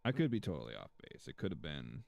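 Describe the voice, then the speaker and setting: A man's voice: very deep voice, huge pitch swings, fast talker, creaky, darkish tone, dry recording, lo-fi sound. A man streaming a game, joking and rambling and slipping into silly voices. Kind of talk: casual gaming livestream.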